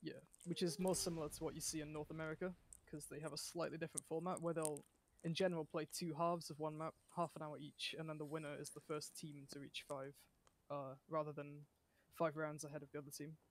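A man who is a guest player chats on a live stream. His voice is a bit high for a man, and his manner is relaxed as he explains things with the odd filler. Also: a little fast. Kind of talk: casual live-stream chat.

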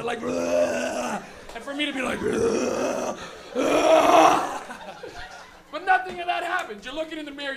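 A man performing stand-up comedy on a live club stage as the show's host. He talks in an animated, profane way, laughing often and shouting for effect. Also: very high-pitched.

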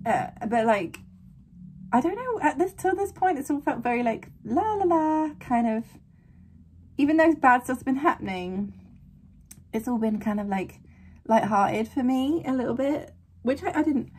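A woman hosting a casual anime reaction, excitable and gasping, swinging between squeals and quiet murmurs. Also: fairly high pitch, normal speed, pauses often, breathy edge. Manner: excitable, gasping, frequent exclamations. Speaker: anime reaction channel host.

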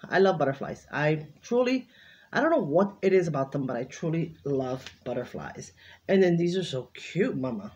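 A woman's voice: fairly low pitch, highs cut off. A woman crafting vlogger in casual unboxing chat, gushing and exclaiming over each item she opens.

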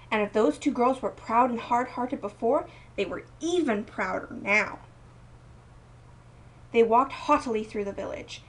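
A woman reading a picture book aloud in a slow, expressive storytelling manner. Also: on the high side. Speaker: storybook reader. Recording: voice a bit distant from mic.

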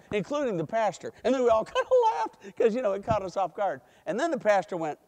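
Animated man in a reverberant church. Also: high-pitched, fast talker, hardly any pauses, slight background noise. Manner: animated, coaxing, playful with children. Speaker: church leader giving the children's message. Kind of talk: children's sermon storytelling. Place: church sanctuary. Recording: long church hall reverb.

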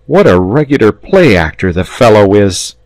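A man's voice: on the low side, moderate pace, no room sound. A man voicing an eager, impatient young boy watching a staged fight in a storybook reading. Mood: admiring. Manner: impatient, excitable.

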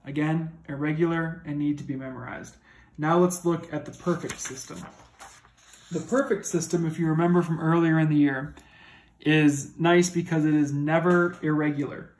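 Patient higher-voiced male Latin teacher. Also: fairly even intonation, moderate pace, slight background noise, low-quality recording. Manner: patient, methodical, checks in with "okay?". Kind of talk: recorded classroom lesson.

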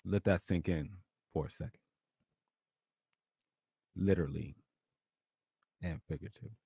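A man hosting his own podcast, telling a story in a punchy, animated way and often repeating words. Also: low-pitched, unhurried, gravelly, husky, no echo, clean studio sound. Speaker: podcast host. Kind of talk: storytelling monologue.

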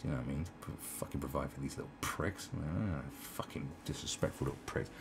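A man's voice: very deep voice, fast talker, noisy background, pitched below the performer's own voice. A man voicing a fed-up mother who mutters curses about her disrespectful kids. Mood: grumbling. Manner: grumbling, profane muttering.

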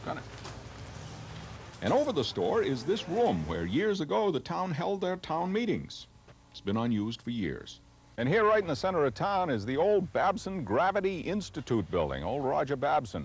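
A man's voice: medium pitch, big pitch swings, moderate pace, breathy edge. A man with a New England accent hosting a travel show on location, talking with enthusiasm and lots of exclamations. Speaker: host. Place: outdoors on location.

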